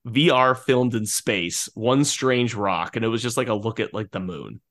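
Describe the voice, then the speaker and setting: A man's voice: fairly low pitch, moderate pace, a bit bright. A man co-hosting a podcast, talking casually and animatedly about a film, laughing often and restarting his sentences. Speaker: podcast co-host.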